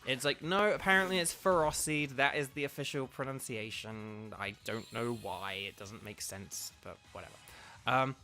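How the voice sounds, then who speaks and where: Bright-voiced chatty male game streamer. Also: mid-range voice, normal speed, soft background music. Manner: chatty, digressive, reads chat aloud. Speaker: gaming streamer and voice actor. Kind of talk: casual live-stream commentary.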